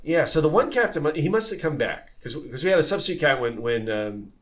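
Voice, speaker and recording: A man who sailed on tall ships, telling stories in a casual podcast conversation, lively and full of fillers and restarts. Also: a little high, fast talker. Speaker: former tall ship sailor.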